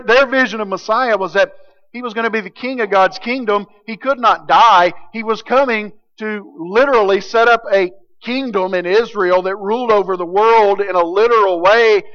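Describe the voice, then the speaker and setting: A male pastor preaching with a high, bright, ringing voice that is smooth and clear. He drives his points home emphatically, swinging between loud declarations and hushed intensity. The sound is slightly dull and lo-fi. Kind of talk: sermon.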